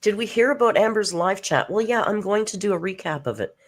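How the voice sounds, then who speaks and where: A woman's voice: medium pitch, expressive, brisk. A woman hosting a live reaction stream, chatting casually, greeting viewers by name and laughing often.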